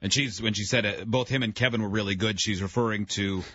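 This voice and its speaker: A man's voice: on the low side, fairly even intonation, fast talker, pushed and bright, breathy edge, no echo. A man hosting a morning radio show, teasing and laughing easily. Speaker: radio host. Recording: dry, dull studio sound.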